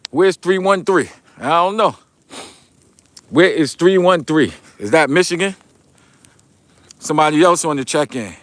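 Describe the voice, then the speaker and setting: A man with a New York accent chats casually on a livestream while walking outdoors, greeting viewers and answering their comments in relaxed slang. His voice sits a little high for a man. The sound is close and dry. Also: a little slow, long pauses, dry recording. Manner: laid-back, reads chat comments aloud, loose slangy talk. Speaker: livestream vlogger. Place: outdoors on a snowy street, walking.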